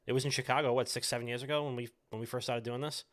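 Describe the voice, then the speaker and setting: An American man hosts a gaming podcast, chatting casually about esports with plenty of filler words and the occasional swear. His voice is medium-pitched and a little bright, with a steady tone and a rapid-fire delivery.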